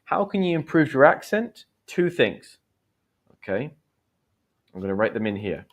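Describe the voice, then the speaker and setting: Here an English teacher hosts his livestream in a sing-song, medium-pitched voice at a measured pace. The talk mixes teaching with encouraging chat, and he reads viewers' comments aloud.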